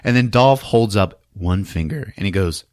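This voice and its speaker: A man's voice: lowish voice, normal speed, no room sound. Podcast guy acting out a movie recap, bouncy voice, dead dry sound. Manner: animated, does silly voices for characters.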